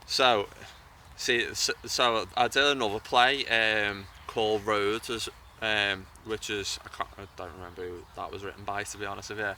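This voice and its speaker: A man's voice: fairly low pitch, steady tone, moderate pace, pushed and bright. A young man being interviewed outdoors about acting, talking casually and often restarting his sentences. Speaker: interview guest, actor and YouTuber. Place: outdoors by a bridge. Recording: from a distance, with faint outdoor noise.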